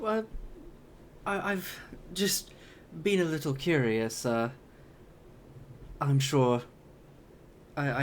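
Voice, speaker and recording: A man's voice: medium pitch, a little hiss or hum. A man voicing a polite female battle sister in power armor in a tabletop game, speaking courteously and hesitantly. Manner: courteous, hesitant, many fillers.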